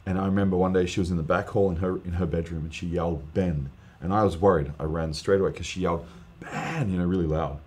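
A man, a guest preacher, telling an earnest, animated testimony story in casual podcast chat, with lots of fillers. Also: low voice, rapid-fire, hardly any pauses.

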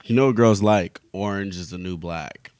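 A man's voice: low-pitched, normal speed, a little mellow, dry recording. A man co-hosting a casual podcast, playful and joking with his friends. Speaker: podcast co-host. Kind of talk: casual chat.

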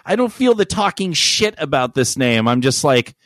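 A man trading crude, self-mocking jokes as a podcast co-host. His voice sits a bit high, and the studio around him is dry. He talks in loose, casual banter. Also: sing-song, normal speed, a bit bright, no room sound.

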